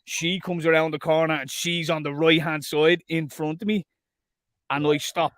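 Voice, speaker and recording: A man, co-hosting a podcast, telling a profane, animated story in casual chat and loudly acting out what people said. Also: on the high side, normal speed, no room sound. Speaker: podcast co-host.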